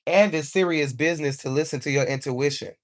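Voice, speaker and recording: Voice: mid-range voice, brisk. Live intuitive card reader, chatty and encouraging, tags "okay?" after each point. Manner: encouraging, repeats "okay?" often; informal speech, calls on angels.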